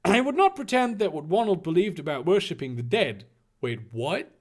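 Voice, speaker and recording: A man's voice: high voice, very animated, moderate pace. A man reading fan fiction aloud with sarcastic, swearing asides. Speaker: reader.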